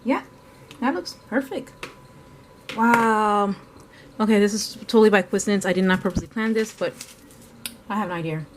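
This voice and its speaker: A woman's voice: medium pitch, moderate pace, pauses often, slight background noise. A woman chatting casually through an art vlog, rambling with lots of fillers and self-corrections, sometimes talking while eating. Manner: talks while eating at times. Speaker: art vlogger.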